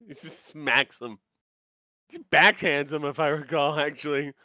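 A young man with a bright, fairly high voice chats casually and riffs on his co-host's jokes, often laughing along. His muffled, lo-fi mic sounds dry and close. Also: fairly even intonation, measured pace, slight background noise. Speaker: podcast co-host. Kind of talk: casual chat.

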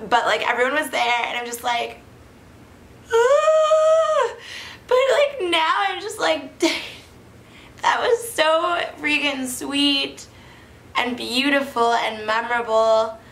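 A woman's voice: fairly high pitch, bright, forceful tone. A woman in her twenties chatting casually to camera in a giddy, rambling way, full of "like" and laughter, as a wine review vlogger. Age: 20s. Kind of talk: casual vlog chat. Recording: echoey room with faint background noise.

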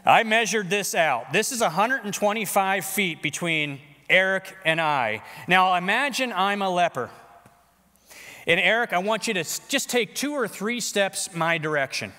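In a big church worship center with long, ringing reverb, a pastor delivers a sermon to his congregation in a conversational, animated style, joking as he goes. His bright, forceful voice sits somewhat high for a man, and his pace is moderate.

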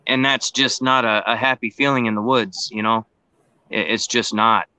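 A man with a sharp, forceful tone speaks reflectively in a casual chat, hunting for words as he goes. His voice sounds dry and close, with no room around it. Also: medium pitch, steady tone, moderate pace, clear, resonant tone, no room sound, low-quality recording. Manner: reflective, searching for words with restarts. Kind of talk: casual live-stream chat.

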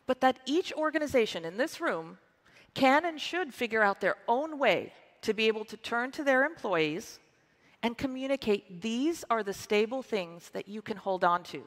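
Upbeat female keynote presenter, forties, emphatic delivery, large hall reverb. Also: mid-range voice. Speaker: conference presenter. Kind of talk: scripted conference keynote.

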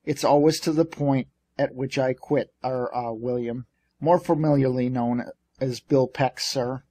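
A man's voice: mid-range voice, fairly even intonation, unhurried, dark tone, dry recording. A man voicing a polite, earnest young war veteran in an audiobook. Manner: respectful, earnest. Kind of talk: audiobook character reading.

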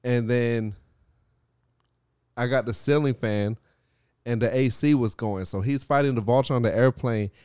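Man, podcast host, smooth clear voice, dry close mic, animated and profane. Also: mid-range voice, a little slow, pauses often, dry recording. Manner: animated storyteller, swears and laughs often. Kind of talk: casual chat.

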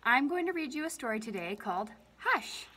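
A woman's voice: fairly high pitch, big pitch swings, fairly quick, background noise. A woman librarian reads a picture-book lullaby aloud for children at story time. She makes playful animal sounds, uses a lilting sing-song reading, and asks the children questions along the way.

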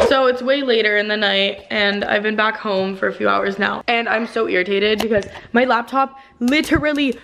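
A woman's voice: on the high side, steady tone, quick pace, hardly any pauses, a bit bright, a little hiss or hum. A woman in her twenties chatting casually to the camera in a vlog, full of "like" and "literally". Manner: chatty, says "like" and "literally" a lot. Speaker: vlogger. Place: in her car and at home.

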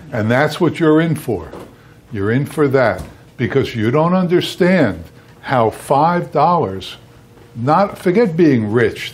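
A man's voice: mid-range voice, a little mellow, a little hiss or hum. A man teaching an ice cream class, telling a story in an earnest and emphatic way, repeating points for effect. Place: seminar kitchen.

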